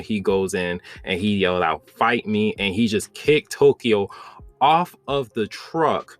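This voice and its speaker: A man hosting his own channel, recapping and reviewing a manga chapter in a loose, enthusiastic way, full of "like" and "bro". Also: on the low side.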